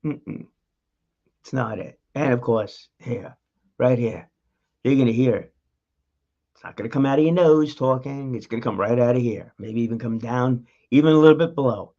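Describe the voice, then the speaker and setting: A man's voice: medium pitch, dark tone. Guy giving a pep talk on his podcast, punchy and emphatic, kinda dull lo-fi sound. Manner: emphatic, coaching, talks straight to the listener. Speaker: podcast host. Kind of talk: motivational monologue.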